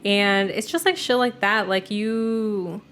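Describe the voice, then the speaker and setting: A woman's voice: medium pitch, fairly even intonation, slow pace, fairly bright tone, a little hiss or hum. A young woman co-hosting a podcast, telling a family story in a loose, casual way, full of 'like' and swearing. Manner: loose and profane, heavy use of 'like'. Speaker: podcast co-host.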